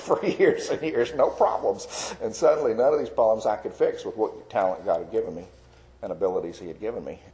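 A man giving an earnest, rambling personal testimony as a Christian artist, with fillers and soft laughs. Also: fairly low pitch, rough recording.

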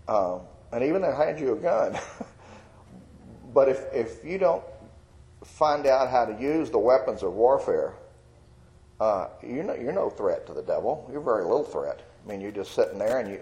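A man's voice: mid-range voice, mellow, rough recording. An older man, an evangelist telling his testimony in a folksy, chuckling sermon style. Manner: folksy storytelling with fillers and chuckles.

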